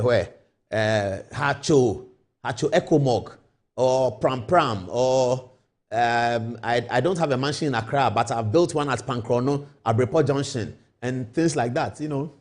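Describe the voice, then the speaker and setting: Animated high-voiced male host. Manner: animated rhetorical storytelling, poses questions to viewers. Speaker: late-night TV show host. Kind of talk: live TV talk commentary.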